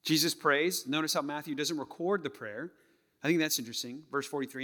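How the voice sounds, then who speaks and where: A male pastor preaching a sermon, acting out tones of voice and sometimes dropping to a hush. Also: on the high side, a little fast, big-room sound. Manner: animated, acts out tones of voice, drops to a hush. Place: church sanctuary.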